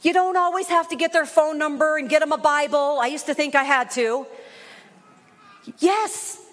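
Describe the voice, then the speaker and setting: A woman preaching a sermon, telling a personal story in an earnest way and building up to shouted praise. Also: high voice, fairly even intonation, moderate pace. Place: church sanctuary. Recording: long hall reverb.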